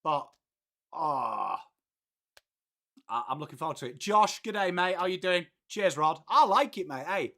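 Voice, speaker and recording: A high-pitched Englishman in his late thirties, with a bright, forward voice. He hosts a live stream in a loose, chatty way and calls everyone mate. He greets viewers by name. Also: very animated, unhurried, long pauses. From England. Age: late 30s. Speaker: livestream host. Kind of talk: casual live-stream chat.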